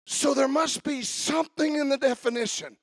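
A man preaches a sermon with fervent, rhythmic energy, building his repeated lines into shouts. His voice sits very high with a gravelly rasp and a bright, tense edge. The recording is dry and close. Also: steady tone, normal speed, dry recording. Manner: fervent, rhythmic preaching with shouted call-outs and sung refrains.

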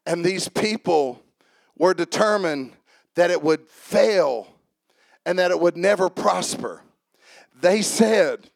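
Fast-talking preacher building to shouts. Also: male voice, sits high, lively intonation, vocal fry, no room sound, studio quality. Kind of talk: sermon. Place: church sanctuary.

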